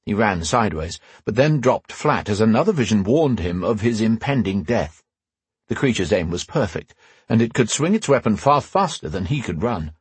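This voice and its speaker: A man narrating a fantasy audiobook in a measured, expressive way, close to the mic. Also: lowish voice, breathy edge, dry recording. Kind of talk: scripted narration.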